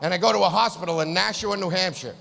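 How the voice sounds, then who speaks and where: A male comedian rants through his set with profane exasperation, his high voice bright and gravelly. His shouted punchlines ring out into the long reverb of a live hall over faint room noise. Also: fast. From East Boston. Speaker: stand-up comedian.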